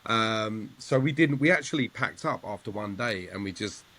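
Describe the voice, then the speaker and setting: Chatty man, fairly low voice. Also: animated, moderate pace, bright, forceful tone. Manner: chatty, laughing anecdotes. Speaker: filmmaker and guest. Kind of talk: casual group chat.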